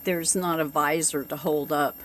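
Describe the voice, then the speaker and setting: A woman, telling a story to her vlog audience in a casual, exasperated and animated way. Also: low-pitched, moderate pace, slight background noise. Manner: chatty, exasperated, animated retelling with laughs. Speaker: vlogger. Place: living in a bus, camping.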